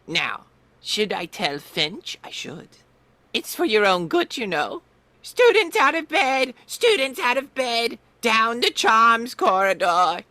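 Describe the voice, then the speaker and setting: A man's voice: extremely high pitch, sing-song, slow, bright, forceful tone, no echo, voice pushed up, full character voice. A man doing a sing-song cheeky poltergeist. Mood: taunting. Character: mischievous male poltergeist, wild and cheeky.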